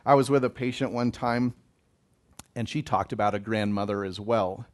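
A man giving a gentle, emotional pastoral talk on blessing, speaking to listeners as a chaplain. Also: on the low side, moderate pace. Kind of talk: reflective spiritual talk.

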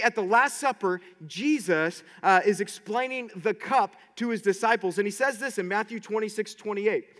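Passionate high-voiced preacher man. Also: long reverb tail. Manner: excited, passionate, many restarts. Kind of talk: sermon.

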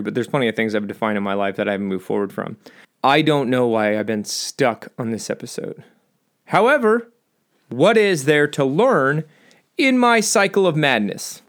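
Solo male podcaster, chatty and self-mocking, wide swings from mutter to yelp. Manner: self-mocking, rambling, swings between low mutters and high excited bursts. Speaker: podcast host.

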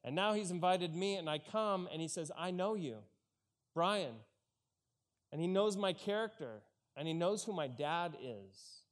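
A male pastor delivers a sermon in a loose, conversational way. He slips into the characters' voices as he retells the story. His voice sits a little higher than most men's. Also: lively intonation, measured pace. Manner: conversational, acts out the Bible characters' lines.

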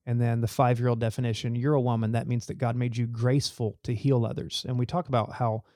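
A man's voice: medium pitch, flat delivery, fast talker, dark tone, no echo, clean studio sound. A man talking earnestly as a church youth leader in an interview, telling stories to make his points. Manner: earnest, storytelling. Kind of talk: podcast interview.

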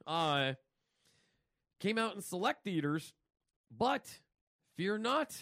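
A man hosting a casual movie news show, excitable and rambling, with plenty of fillers and asides. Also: high-pitched, slow, long pauses, no room sound, studio quality. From New York. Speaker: podcast host.

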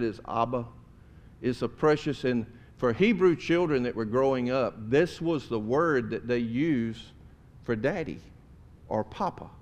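A man, a pastor giving a conversational, folksy sermon to his congregation in a church, often dropping to soft, tender tones. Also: mid-range voice. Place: church sanctuary.

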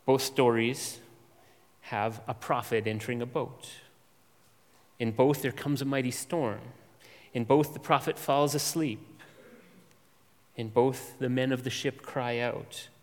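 A man preaching an expository sermon as pastor, measured and emphatic, with dramatic pauses and long lists. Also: mid-range voice, fairly even intonation, big-room sound.

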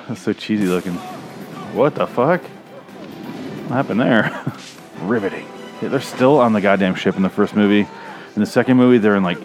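A man giving rambling, crude, sarcastic commentary while watching a movie. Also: deep voice. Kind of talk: casual profane movie commentary. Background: movie audio playing.

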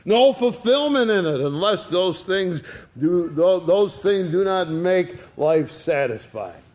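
A man's voice: high-pitched, animated, slow pace, darkish tone. An older retired man preaching a sermon in a folksy storytelling way, giving quoted lines a dramatic reading. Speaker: pastor.

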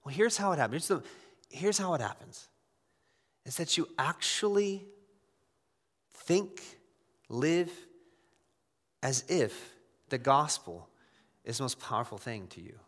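A man preaching a sermon as pastor, conversational and animated, firing off rhetorical questions. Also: fairly high pitch, a little slow, pauses often, in a large hall.

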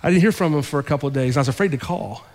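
A male pastor telling a story in a sermon, acting out both sides of the conversations with lively shifts in his voice. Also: a little high, rapid-fire. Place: church sanctuary. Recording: long hall reverb.

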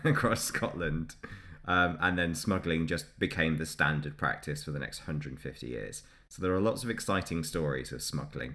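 Deep-voiced man chatting casually. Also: fairly bright tone. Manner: chatty, laughs often between facts. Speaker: podcast host. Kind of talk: casual history podcast chat.

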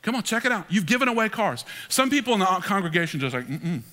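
A middle-aged man, preaching a sermon as pastor, emphatic and animated. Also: high voice, quick pace. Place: large church hall. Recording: long hall reverb.

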